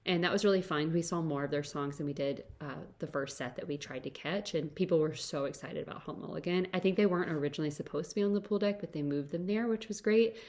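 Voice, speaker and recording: A woman's voice: low voice, fast talker, hardly any pauses, a little mellow. A young adult woman hosting a podcast, telling a casual story and filling nearly every phrase with "like.". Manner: chatty, fills every phrase with "like". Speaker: podcast host.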